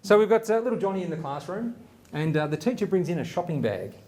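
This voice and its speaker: Aussie guy hosting, telling jokes, high voice that bounces all over, faint room noise. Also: fast talker. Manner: lively, chuckling storyteller. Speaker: host.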